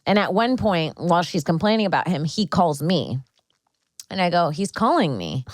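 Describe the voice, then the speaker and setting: A woman hosting a casual comedy podcast, telling stories in an animated way, acting out the quotes and swearing freely. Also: fairly low pitch, moderate pace, no room sound. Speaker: podcast host. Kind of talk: casual chat. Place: studio.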